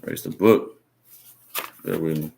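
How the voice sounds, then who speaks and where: Low-voiced guy preaching casual, earnest and encouraging, keeps saying man and right. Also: unhurried, creaky, mellow, slight background noise. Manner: conversational, repeats "man" and "right?" as tags. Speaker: Bible teacher. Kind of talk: informal sermon teaching.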